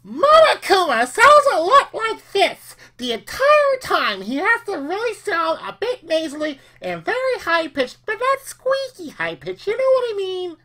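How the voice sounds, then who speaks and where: A man putting on the nasal, high-pitched voice of a mischievous robot bear while explaining how it sounds. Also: very animated, measured pace, hardly any pauses, bright, forceful tone, exaggerated voice. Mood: playful. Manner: explaining in character. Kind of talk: voice impression demo.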